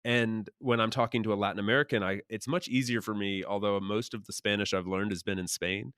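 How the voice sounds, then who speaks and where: Man hosting a podcast, smooth lowish voice, dry close sound, easygoing and rambling. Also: brisk, no echo. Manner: relaxed, many fillers. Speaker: podcast host. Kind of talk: casual interview chat.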